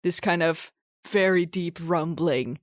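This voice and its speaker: A woman's voice: fairly low pitch, slow, no room sound. Chatty woman podcaster spinning an improvised tale, rambling, laughing, dry close mic. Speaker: podcast co-host. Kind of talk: improvised storytelling.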